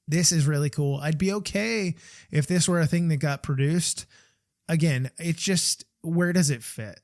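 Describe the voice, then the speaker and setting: A man's voice: a little high, a little mellow, no echo, studio quality. A man hosting a podcast, chatting casually and giving candid opinions, with frequent fillers and restarts. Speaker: podcast host.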